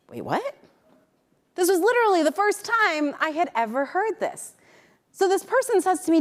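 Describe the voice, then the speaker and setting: A middle-aged woman telling a personal story as a keynote speaker, animated and acting out the voices of people in it. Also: high-pitched, a little slow. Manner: animated, acts out quoted voices. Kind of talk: storytelling talk to an audience.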